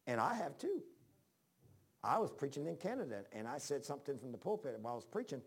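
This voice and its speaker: Very animated and quick, this man's husky, mid-range voice carries a rambling, homespun sermon. Personal anecdotes fill it, he restarts sentences often, and his scripture readings use dated wording.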